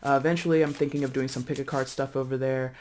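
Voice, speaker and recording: A tarot reader in a casual, chatty reading to camera, expressive and full of fillers and restarts, calling viewers friends. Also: mid-range voice, quick pace, slight background noise. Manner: breezy, addresses viewers as friends.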